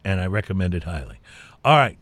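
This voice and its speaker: A man's voice: low-pitched, very animated, quick pace, a bit bright, no room sound. A man co-hosting a beer tasting show, chatting casually and rambling with lots of fillers. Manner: rambling, self-deprecating, many fillers. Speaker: co-host of a beer talk show. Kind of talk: casual chat.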